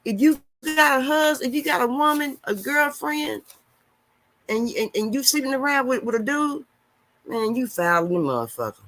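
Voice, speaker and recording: High-voiced preachy man on a live stream. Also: lively intonation, moderate pace. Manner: loud, preachy, swings between shouting and mumbling. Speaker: live streamer reading viewer comments. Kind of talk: casual live-stream chat.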